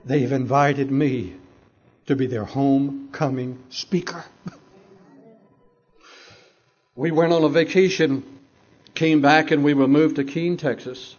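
A middle-aged pastor from Georgia telling his own story in a sermon, with dramatic pauses and soft asides. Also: fairly high pitch, fairly even intonation, slightly rough, highs cut off. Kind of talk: sermon testimony.

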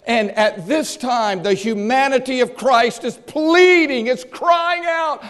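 A male preacher with a very high voice delivers an impassioned, animated sermon at a slow pace. He swings between shouts and hushed tones, and long hall reverb surrounds him.

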